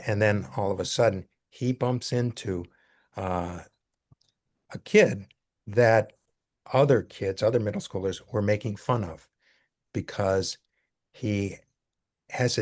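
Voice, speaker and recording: Older man, lowish voice, earnest, halting storyteller. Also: darkish tone. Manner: earnest, halting with many fillers. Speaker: speaker taking questions. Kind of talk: casual storytelling talk.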